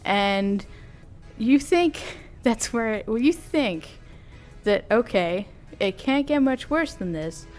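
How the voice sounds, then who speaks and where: Animated woman recapping a cartoon. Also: on the high side, slow, faint music behind. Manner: animated, amused, often laughing; slangy, conversational. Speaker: video creator. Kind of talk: casual cartoon recap while drawing.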